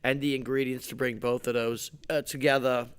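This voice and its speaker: A man co-hosting a casual chat, talking in a dry, halting way with stiff, mock-formal wording. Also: medium pitch, flat delivery, clear, resonant tone. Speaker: podcast co-host.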